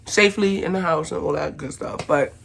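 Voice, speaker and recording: A woman from Brooklyn, telling a casual storytime to her viewers and acting out the shouting in it. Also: deep voice, fairly quick, vocal fry, breathy edge. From Brooklyn, New York. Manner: animated, acts out shouted quotes. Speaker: vlogger.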